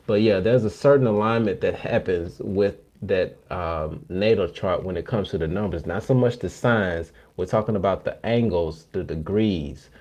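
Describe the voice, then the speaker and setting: A man co-hosting a livestream, explaining things in a measured, casual way with many pauses. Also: low voice, a little mellow. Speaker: co-host.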